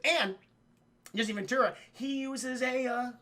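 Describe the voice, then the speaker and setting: A man's voice: sits high, lively intonation, moderate pace, vocal fry, bright, forceful tone. A man livestreaming a casual film recap, rambling and profane, often addressing his chat. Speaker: film review streamer.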